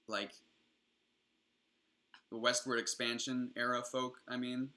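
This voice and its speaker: A man's voice: medium pitch, steady tone, measured pace, pauses often, pushed and bright. A young adult man streaming, rambling casually and enthusiastically with frequent swearing.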